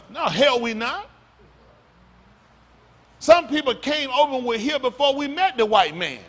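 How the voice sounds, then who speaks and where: A male pastor preaching loudly and quizzing his congregation, asking questions and calling on listeners. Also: extremely high pitch, very animated, normal speed, pauses often. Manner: loud, rhetorical, questions the congregation. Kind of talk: sermon with audience back-and-forth. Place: congregation hall.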